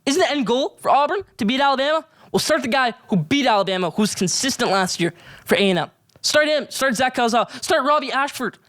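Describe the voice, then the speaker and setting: A man's voice: very high voice, lively intonation, fairly quick, a bit bright. Fired-up young-sounding male sports host. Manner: fired-up, emphatic ranting. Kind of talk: solo sports rant.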